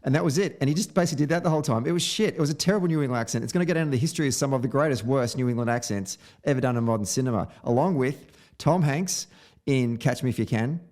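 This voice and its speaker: A man's voice: mid-range voice, rapid-fire, a little mellow. A man hosting a podcast, giving a blunt, opinionated film review in casual chat, sometimes swearing. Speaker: podcast host.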